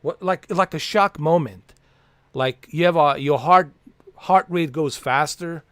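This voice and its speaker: A man's voice: fairly high pitch, measured pace, fairly bright tone, clean tone, dry recording. A man hosting a casual livestream from home, rambling and swearing with lots of fillers. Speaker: livestream host.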